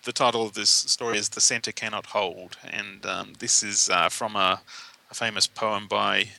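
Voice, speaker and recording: A man recaps comic book stories for a podcast, chatty and wry. His voice is gravelly and sits a little low. It also has a very bright, crisp edge. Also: fairly even intonation, moderate pace, low-quality recording. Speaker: podcast co-host. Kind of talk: casual comic book discussion.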